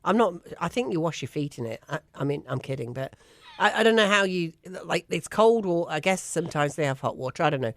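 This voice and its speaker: An Englishwoman co-hosts a casual chat show, her deep voice animated and brisk with no room sound. She talks with emphatic enthusiasm, chatty and laughing often.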